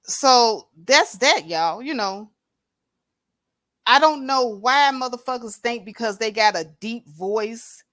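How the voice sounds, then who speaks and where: Speaking slowly in a fairly high, animated voice with a fairly bright tone, this livestream host delivers unscripted, blunt, confrontational commentary laced with profanity. She's an adult with a grown daughter, using a plug-in mic; the sound is clean studio quality with no room sound.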